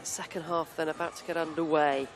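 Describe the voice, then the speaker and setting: A woman giving brisk live football commentary with jokey asides. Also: low-pitched, steady tone, crowd noise. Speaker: play-by-play commentator.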